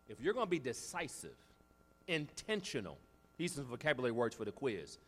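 A man preaching a sermon, swinging between loud, shouted climaxes and quiet asides. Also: medium pitch, big pitch swings, a little fast. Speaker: pastor. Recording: long reverb of a large hall.

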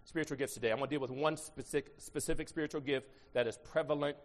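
Midwest preacher man with an ohio accent, kinda high voice, goes loud then low, lots of "can y'all say amen", long echoey church hall. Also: fairly even intonation, quick pace. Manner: dynamic, swinging from shouts to low asides, call-and-response. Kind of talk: sermon. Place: church sanctuary. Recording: long reverb in a large hall.

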